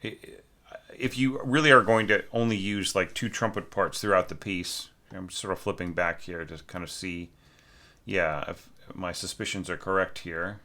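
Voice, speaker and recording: Low-voiced male music teacher, bright forceful tone, casual score critique, scats rhythms. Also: normal speed. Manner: thinking aloud, many fillers, sings rhythms as syllables. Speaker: orchestration teacher reviewing a student score.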